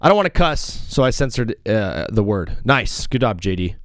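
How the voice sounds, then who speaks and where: A young man hosting a casual sports talk show, joking and shifting quickly between loud outbursts and mumbled asides. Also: fairly low pitch, sing-song, dry recording, clean studio sound. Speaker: host.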